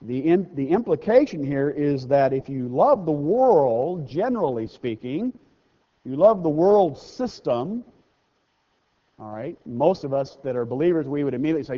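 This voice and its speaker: Male pastor with a lively, fairly high voice, preaching in a conversational way. Long church reverb, slightly muffled recording. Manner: conversational preaching, slows down and rises for scripture readings; self-deprecating asides. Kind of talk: sermon. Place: church sanctuary. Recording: dull sound with long hall reverb.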